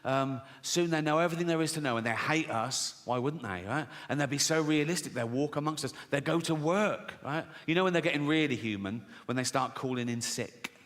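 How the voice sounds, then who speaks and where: A man's voice: brisk, hardly any pauses, a bit bright, long reverb tail. A man doing a sardonic stand-up routine, mocking people and acting out their voices. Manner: sardonic, mocking, acts out characters in sudden high voices. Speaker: stand-up comedian.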